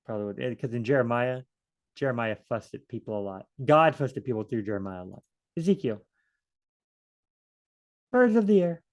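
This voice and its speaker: Man for a relaxed Bible study walkthrough, rambling and joking, average pitch. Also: a little fast, pauses often. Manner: chatty, thinks aloud, joking asides.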